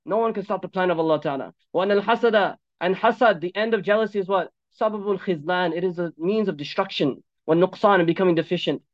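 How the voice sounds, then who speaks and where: Male preacher, sermon on Quran commentary, animated with joking asides. Dull, dry lo-fi recording. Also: high-pitched, very fast, few pauses, no echo. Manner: animated, joking asides, switches between Arabic recitation and English.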